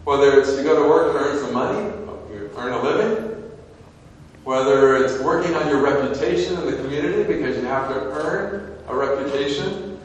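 A man's voice: medium pitch, moderate pace. Male pastor, conversational sermon, rhetorical questions; very echoey hall, distant mic. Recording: echoey hall, mic from afar, faint noise.

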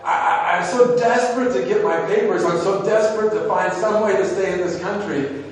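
A man's voice: high-pitched, moderate pace, recorded from a distance, slight background noise, pitched above the performer's own voice, lightly acted. A man voicing an anxious young immigrant man who stammers and pleads as he confesses his doubts. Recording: echoey hall, mic from afar.

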